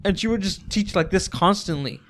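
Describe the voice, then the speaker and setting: A man's voice: sits high, fairly quick, fairly bright tone. A young man co-hosting a podcast in casual chat, laughing often and reading chat comments aloud. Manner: laughing, reads chat aloud, gets talked over. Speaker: podcast co-host.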